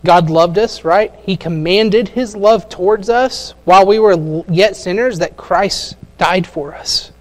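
A man's voice: high-pitched, unhurried, hardly any pauses. A man preaching a sermon in a conversational way, with many fillers and questions to the congregation.

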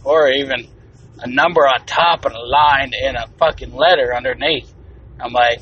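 A man's voice: medium pitch, fairly even intonation, moderate pace, sharp tone. A man hosting his own podcast, ranting bluntly and profanely in a rambling, casual way. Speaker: podcast host. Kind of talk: casual solo podcast rant. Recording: distant, dull lo-fi mic with faint noise.

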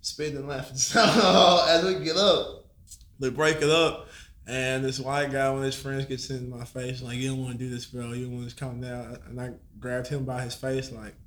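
A man's voice: mid-range voice, flat delivery, moderate pace, a bit bright, reverberant, a little hiss or hum. A man casually telling a story on a podcast, laid-back and slangy, laughing and swearing as he goes. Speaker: podcast guest.

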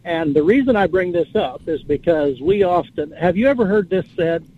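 A man's voice: high voice, animated, moderate pace, breathy edge. Rambling man on a tinny phone line. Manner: rambling, musing storyteller who spells out words. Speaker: caller. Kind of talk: casual call-in chat.

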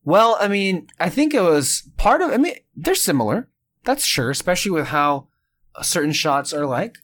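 A man co-hosting a podcast, chatting casually and ranting with animated annoyance. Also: high-pitched, normal speed. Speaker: podcast co-host.

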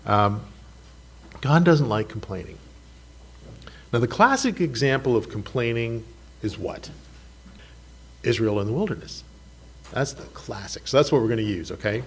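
Husky-voiced man preaching a lively sermon. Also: mid-range voice, moderate pace, pauses often. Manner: conversational, self-deprecating, asks the congregation questions. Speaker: pastor.

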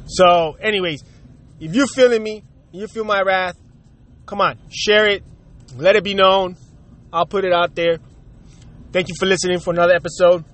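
A man's voice: sits high, a bit bright, a little hiss or hum. A Puerto Rican man hosting his own show, venting in a heated, profane rant aimed straight at his listeners. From Puerto Rico. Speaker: podcast host. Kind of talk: angry rant.

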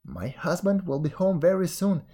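A man's voice: high-pitched, sing-song, moderate pace, mellow, slightly rough, pitched above the performer's own voice, exaggerated voice. A man voicing a young, spoiled princess in a fairy tale reading, coaxing and eager. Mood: commanding. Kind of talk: storybook reading.

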